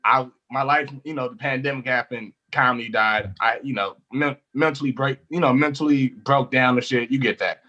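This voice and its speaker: A young man, a comedian, chatting casually and telling animated stories, laughing often and swearing freely. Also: medium pitch, moderate pace, hardly any pauses, highs cut off. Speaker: comedian guest. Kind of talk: casual storytelling chat.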